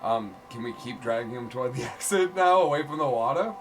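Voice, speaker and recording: A man's voice: medium pitch, animated, fairly quick, over music, poor audio. Hesitant man player full of ums. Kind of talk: tabletop game table talk.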